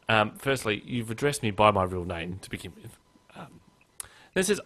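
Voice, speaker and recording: A man with a fairly low voice hosts a laid-back podcast chat. He jokes easily and slips into playful voices when he reads things out. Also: a little fast. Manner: relaxed, joking, reads texts aloud in mock voices. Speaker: podcast host. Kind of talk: casual chat.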